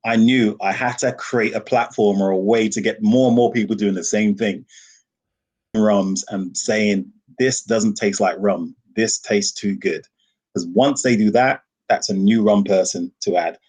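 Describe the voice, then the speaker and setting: Husky low-voiced enthusiastic man. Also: moderate pace. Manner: enthusiastic, animated storyteller who laughs often. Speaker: guest, rum ambassador. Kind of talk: podcast interview. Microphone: video call.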